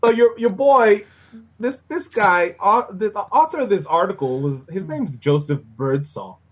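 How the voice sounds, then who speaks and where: A man co-hosting a casual sports podcast, profane and excitable, ending lines with "okay?" and "bro". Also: sits high, a little slow, slightly rough. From Mexican-American. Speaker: podcast co-host.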